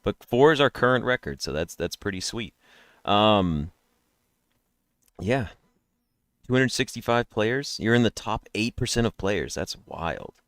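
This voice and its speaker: Man, casual live-stream chat, rambling and talkative, lowish voice, animated pitch, yawning, headset mic. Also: a little slow, long pauses, dry recording, studio quality. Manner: rambling, talkative, chatty with viewers. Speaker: live streamer playing daily guessing games with chat.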